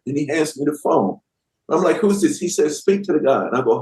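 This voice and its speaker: In an echoey, roomy recording, a fifty-something guest rapper animatedly recounts a story full of slang, acting out the voices of those he quotes. His voice runs on the high side, expressive and a little fast.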